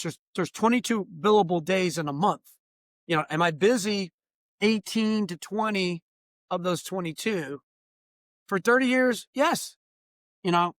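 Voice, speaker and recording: A man's voice: high-pitched, dry recording, clean studio sound. A man in his late fifties, a consultant talking animatedly and emphatically as an interview guest. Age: late 50s. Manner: animated and emphatic, acting out quoted exchanges. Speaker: guest, diversity trainer and consultant. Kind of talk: casual interview conversation.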